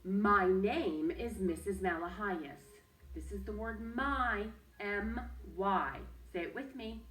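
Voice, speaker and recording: A woman's voice: mid-range voice, takes it slowly, a bit bright, reverberant, recorded from a distance, a little hiss or hum. A woman teacher leading a young children's phonics lesson, patient and sing-song, coaxing them to repeat after her. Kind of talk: early-reading phonics lesson.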